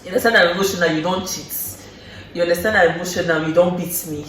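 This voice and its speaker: A man's voice: high-pitched, fast, fairly bright tone. A young Nigerian man talks earnestly as a guest, stacking his points one after another. His voice comes from a distance in a very echoey room, over a noisy background. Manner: earnest, repeats points in lists. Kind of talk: casual chat.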